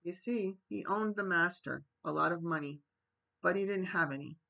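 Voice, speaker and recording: A man reading the part of a shy young farmhand speaking plainly and haltingly in a storybook. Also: sits high, vocal fry, bright, forceful tone, highs cut off, full character voice. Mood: earnest. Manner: hesitant, rustic speech.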